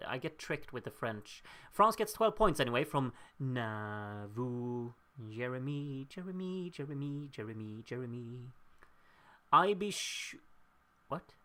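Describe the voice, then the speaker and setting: A man's voice: medium pitch, bright, forceful tone, smooth. Young male streamer host, upbeat and self-mocking, thinks aloud while tallying votes. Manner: chatty and upbeat, laughs at himself, thinks aloud. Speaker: livestream host reading out viewer votes. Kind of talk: casual live watchalong chat.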